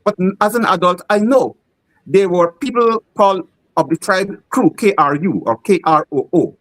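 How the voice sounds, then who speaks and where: A Guyanese playwright with a Guyanese accent, telling animated stories in an interview and acting out the voices of the people in them. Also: male voice, high-pitched, normal speed, poor audio. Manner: animated, acts out quoted voices. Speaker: playwright guest. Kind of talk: interview storytelling.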